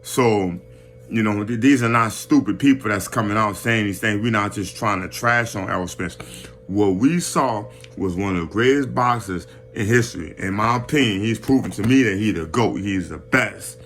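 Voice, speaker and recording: Male vlogger, fairly low voice, casual slangy rant full of repeats and restarts, faint hum behind. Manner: animated, repetitive slang-heavy rant with many restarts. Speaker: boxing commentary vlogger. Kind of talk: casual boxing commentary rant.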